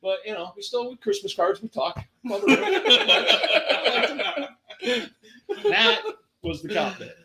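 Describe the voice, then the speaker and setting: A man telling a stand-up story on a podcast, his voice high, bright and swinging widely as he laughs through his own punchlines. The room is roomy and echoey around him. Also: big pitch swings, takes it slowly, vocal fry, crowd noise. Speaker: guest, former stand-up comedian.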